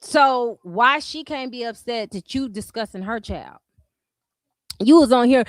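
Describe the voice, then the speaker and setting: A woman's voice: fairly high pitch, lively intonation, measured pace, dry recording. A woman streamer giving blunt, mocking drama commentary, full of rhetorical questions.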